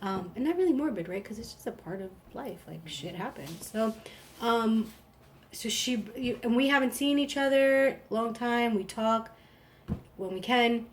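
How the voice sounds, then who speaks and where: A woman's voice: a little high, lively intonation, unhurried, a little hiss or hum. A woman in her thirties hosting a live stream, casual and rambling, with lots of "like". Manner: chatty, rambling, frequent "like". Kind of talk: casual chat.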